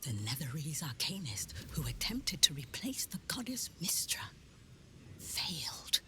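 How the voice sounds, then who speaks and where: An actress voicing a guarded female bookseller of dangerous books, in a slow, conspiratorial whispered role-play. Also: deep voice, sing-song, exaggerated voice. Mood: hushed. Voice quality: hushed, unvoiced whisper.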